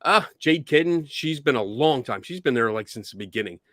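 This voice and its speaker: A man with a Philadelphia accent hosting a casual live-stream chat, excitable, laughing often and swearing casually. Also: medium pitch, fairly quick, dry recording, studio quality. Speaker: host.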